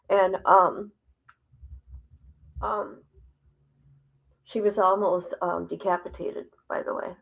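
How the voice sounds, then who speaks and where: A woman hosting a casual livestream, reading a report aloud haltingly and breaking off with exclamations and asides to her viewers. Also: mid-range voice, vocal fry, poor audio. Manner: drops into whispers at times. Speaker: livestream host.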